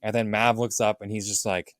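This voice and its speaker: A man's voice: fairly low pitch, brisk, no echo, studio quality. A man co-hosting a podcast, eagerly retelling film scenes in casual chat. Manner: animated retelling, acts out quoted lines. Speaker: podcast co-host. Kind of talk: casual movie recap chat.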